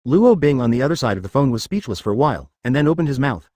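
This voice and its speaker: A man's voice: mid-range voice, big pitch swings, fast talker, a little mellow, no room sound. A man narrating a fan story in a scripted, machine-read style.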